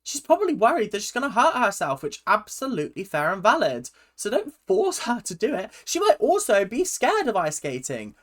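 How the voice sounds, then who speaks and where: A woman's voice: medium pitch, huge pitch swings, a little fast, hardly any pauses. A young woman in her twenties giving casual, opinionated reaction commentary, chatting freely. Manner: chatty and opinionated, with frequent laughs. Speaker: reaction video host.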